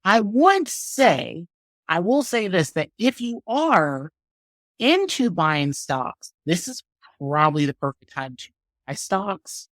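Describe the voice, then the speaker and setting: A man hosts a casual solo podcast and rants in a blunt, profane, opinionated way. His talk comes in quick bursts, full of "like" and self-interrupting restarts. The sound is dry and close, with almost no room echo. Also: high voice, very animated, a bit bright. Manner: laughs at himself, speaks in bursts with fillers. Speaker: podcast host.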